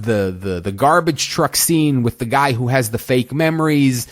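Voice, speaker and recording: A man hosts a solo review podcast at his own unhurried pace. He rambles through his points with restarts and fillers and sounds exasperated. His voice sits in an ordinary middle pitch. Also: big pitch swings. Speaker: podcast host.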